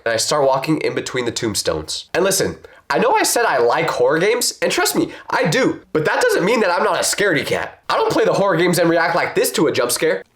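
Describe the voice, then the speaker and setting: A man narrates a storytime video in a slightly high, very expressive voice. He pauses for effect and pokes fun at himself, and the recording has a roomy echo. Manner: expressive, self-mocking, dramatic pauses.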